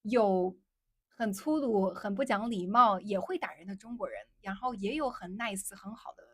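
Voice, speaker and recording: A woman's voice: mid-range voice, normal speed, fairly bright tone. A young woman from China with Mandarin as her first language, hosting a casual livestream and answering viewers. She keeps repeating her phrases and switches between English and Mandarin. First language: Mandarin Chinese. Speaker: livestream host.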